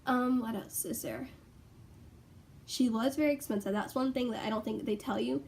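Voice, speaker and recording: A young woman rambling casually in a home vlog, full of fillers and excited asides. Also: on the high side, moderate pace, slight background noise. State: out of breath. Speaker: vlogger. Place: bedroom at home.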